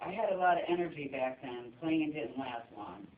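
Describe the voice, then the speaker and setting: Reading from notes at a funeral service, a woman shares family memories in steady storytelling, occasionally breaking into laughter. Her voice rumbles low at a moderate pace. An audience member's phone recorded it, giving distant, dull, echoey audio with slight background noise.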